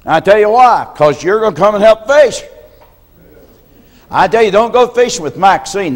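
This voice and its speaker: Folksy older preacher in a reverberant hall. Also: male voice, high voice, animated, moderate pace, long pauses. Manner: folksy storytelling, frequent throat clearing. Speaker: pastor. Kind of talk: sermon.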